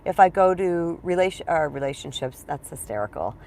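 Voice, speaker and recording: A woman's voice: sits low, lively intonation, brisk, darkish tone. A woman speaking as a spiritual coach in a casual teaching monologue, chatty and emphatic, often checking in with her listeners.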